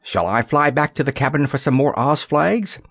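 An eager, helpful ship's bird in a storybook, as a man puts him on, raised and quick with a gravelly edge. He is recorded dry and close. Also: fairly high pitch, expressive, a bit bright, no room sound, pitched above the performer's own voice, full character voice. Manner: eager and inquiring.

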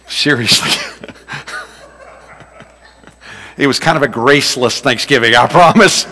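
A man's voice: mid-range voice, unhurried, pauses often, pushed and bright. A man preaching a sermon as pastor, joking and folksy as he tells stories. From Louisiana. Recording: long reverb of a large hall.

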